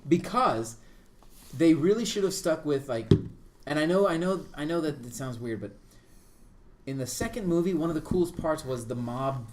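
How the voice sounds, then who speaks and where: A man's voice: on the high side, expressive, moderate pace, a little hiss or hum. Rambling man podcast co-host. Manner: rambling, hedging with fillers. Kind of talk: casual podcast chat.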